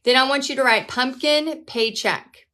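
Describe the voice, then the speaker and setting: Woman, forties, slightly high voice, chatty, upbeat, live-stream painting class. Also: unhurried, bright, forceful tone. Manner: chatty, upbeat, talks to her dog in a high baby voice. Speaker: painting instructor and host. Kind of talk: casual live-stream teaching. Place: home art studio.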